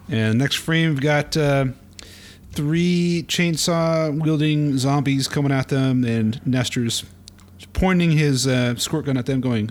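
A man co-hosting a podcast, casually narrating a comic aloud in a playful, halting way with fillers. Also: medium pitch. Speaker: podcast co-host.

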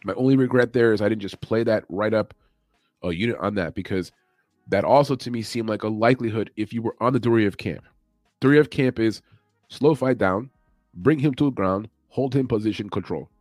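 A man's voice: fairly low pitch, brisk, a little mellow, no echo, soft background music. A man hosting a casual sports betting podcast, loose and chatty, thinking aloud as he goes. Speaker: MMA betting podcast host. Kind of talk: casual chat.

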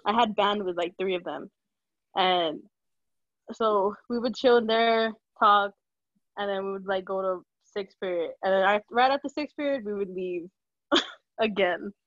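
Young woman, relaxed and candid, laughs a lot, dull dry lo-fi mic. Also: medium pitch, unhurried, no room sound. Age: young adult. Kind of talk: casual chat.

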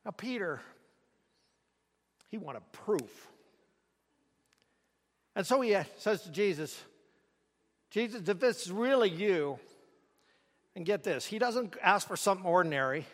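A man's voice: high voice, a bit bright, in a large hall. A man preaching a sermon, telling the story dramatically and asking the listeners rhetorical questions.

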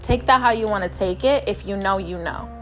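A woman's voice: medium pitch, brisk, faint music behind. A woman from New York City telling a personal story on her podcast, candid and profane, talking straight to her listeners. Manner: candid, profane, emphatic, addresses listeners as y'all. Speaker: podcast host. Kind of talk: casual storytelling monologue.

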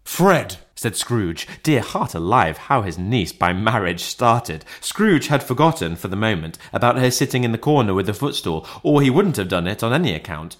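A man narrating a classic audiobook in an expressive, theatrical way. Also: lowish voice, normal speed, few pauses.

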